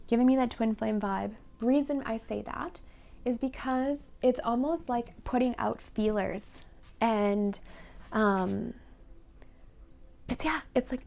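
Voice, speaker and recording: A woman's voice: medium pitch, vocal fry, darkish tone. A young woman giving an earnest, gushing spiritual card reading, full of fillers and restarts. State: emotional, tearful at times. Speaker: tarot card reader.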